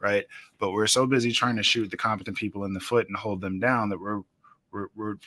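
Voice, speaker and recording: A man's voice: fairly low pitch, fairly even intonation, brisk, sharp tone, dry recording. A man co-hosting an internet radio talk show, arguing his points emphatically in casual chat. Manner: emphatic, makes his points with sports comparisons.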